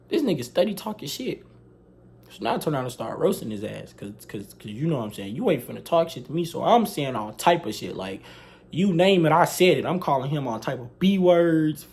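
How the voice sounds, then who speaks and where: A young man, casually retelling a school story, animated, slangy and profane. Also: on the high side, normal speed. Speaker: vlogger telling a story.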